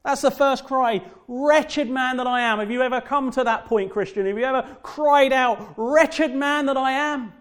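High-voiced fervent male preacher. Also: a bit bright. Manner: fervent preaching with emphatic repetition and slow drawn-out stresses. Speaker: pastor. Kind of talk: sermon.

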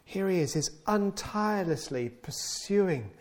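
A man delivering a sermon in a fairly high voice that swings widely in pitch. He repeats key words for emphasis and stumbles now and then. When quoting a plea, he lifts his voice into a pleading tone. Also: a little slow. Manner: animated, voices the psalmist's pleas in a raised pleading tone. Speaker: preacher.

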